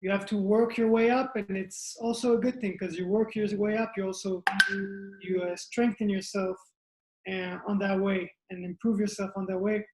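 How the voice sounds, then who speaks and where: Flat-voiced man in an echoey room. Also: high-pitched, moderate pace, a little hiss or hum. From Israel. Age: 20s. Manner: plainspoken, thinks aloud in short phrases. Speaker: mixed martial arts fighter. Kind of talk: interview answers.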